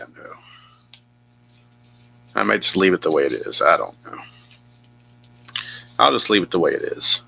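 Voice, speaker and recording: A man's voice: low-pitched, very animated, normal speed, vocal fry, pauses often, pushed and bright, husky. A man narrating his own tabletop baseball game play by play, chatty and thinking aloud with asides.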